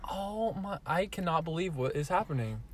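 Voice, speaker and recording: Exasperated man protesting in a lively voice. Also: fairly high pitch, moderate pace. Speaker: podcast co-host. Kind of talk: casual argument.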